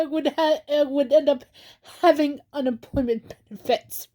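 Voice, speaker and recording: A woman vlogging about her troubles while crying, halting and apologetic, with sighs and restarts. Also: high-pitched, fairly even intonation, mellow. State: crying, tearful. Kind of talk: emotional personal vlog.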